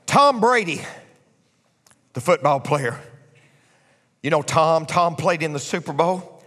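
A man preaching a sermon as pastor, swinging from hushed whispers to shouts. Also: on the high side, expressive, slow pace. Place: large church sanctuary. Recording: long church hall reverb.

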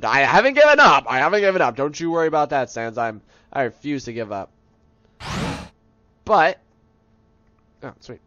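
A young man commentating on his own gameplay in an excitable, self-mocking way, muttering to himself between outbursts. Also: on the high side, moderate pace, pauses often, no room sound, highs cut off. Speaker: let's play gamer. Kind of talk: let's play commentary. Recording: game music playing behind.

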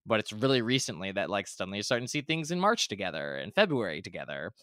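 A man with a bright, forward voice co-hosts a podcast in loose, rambling chat. He backtracks and corrects himself often but stays eager. The sound is close and dry. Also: on the low side, very animated, fast talker, no echo. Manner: rambling, self-correcting, enthusiastic. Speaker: podcast co-host. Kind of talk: casual chat.

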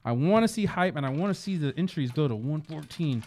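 A man's voice: a little high, lively intonation, fairly quick, a little mellow, slight background noise. A man co-hosting a casual live stream with playful, boastful banter and hype. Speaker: game store stream co-host.

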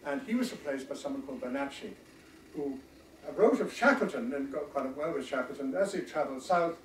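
A man giving a history lecture with slides, halting often with ums and restarts. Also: medium pitch, lively intonation, slight background noise. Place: lecture room. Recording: echoey room, voice from far off.

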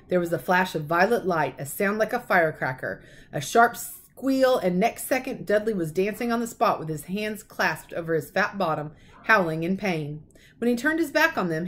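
A woman teacher reading a children's novel aloud, expressive and lively. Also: on the low side.

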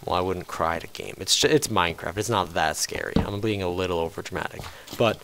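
A man giving casual commentary over a game he is playing, jumpy and quick to swear and scold the game aloud. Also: sits low, noisy background. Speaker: let's play host.

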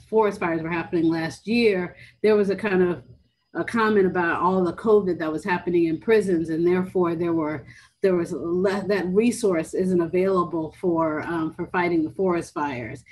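Fast-talking woman at a policy briefing. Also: lowish voice, darkish tone, slight background noise, rough recording. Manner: fast, with many restarts and fillers. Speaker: briefing speaker.

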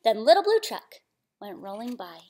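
A woman's voice: on the high side, big pitch swings, moderate pace, darkish tone. A woman hosting a children's story channel, reading a picture book aloud in a sing-song manner and asking the young listeners questions.

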